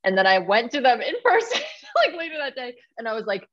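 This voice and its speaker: A woman telling stories in a casual podcast chat, animated and laughing often, with lots of fillers. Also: a little high, fast, lo-fi sound. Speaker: podcast guest, rowing coxswain.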